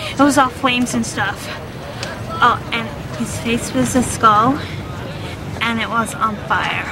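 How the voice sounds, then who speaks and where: A woman's voice: on the high side, steady tone, slow, background noise. An actress playing a chatty young woman witness giving a news interview in a film, talking in a breezy, rambling way. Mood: gushing. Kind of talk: film dialogue. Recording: film clip over loud crowd and music. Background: loud crowd and music.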